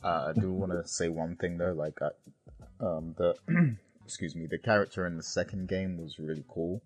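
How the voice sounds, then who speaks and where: Man, extremely deep voice, husky, rambling podcast chat, lots of filler words. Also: fairly even intonation, normal speed, darkish tone, soft background music. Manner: rambling, heavy with ums and you-knows. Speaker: podcast co-host.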